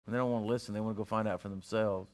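A man preaching a sermon, folksy and teasing, swinging from loud to hushed. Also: lowish voice, steady tone, rapid-fire. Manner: plain-spoken, folksy, teasing.

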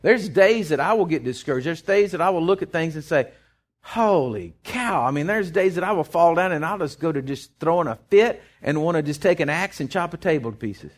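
Animated preacher man. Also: a little high, brisk, few pauses. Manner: folksy, animated preaching with many restarts. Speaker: pastor. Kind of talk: sermon.

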